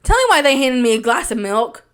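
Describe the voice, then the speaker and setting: A young woman hosting a podcast, telling stories in a rambling, self-deprecating monologue with big jumps in pitch when she quotes people. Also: big pitch swings, a little fast, fairly bright tone. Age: young adult. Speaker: podcast host. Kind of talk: casual storytelling monologue.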